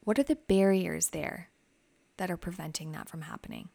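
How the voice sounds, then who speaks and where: A woman who hosts a psychotherapy podcast, guiding listeners through reflective questions in a gentle, advising way. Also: on the low side, huge pitch swings, moderate pace, gravelly, no room sound. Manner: reflective, asks many questions.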